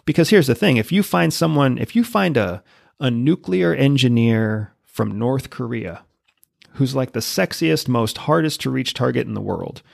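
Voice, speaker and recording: Gravelly guy with a husky voice, podcast guest breaking stuff down confidently, dry sound. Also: medium pitch, no echo. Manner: confident, explanatory. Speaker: podcast guest, former spy. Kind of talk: casual interview talk.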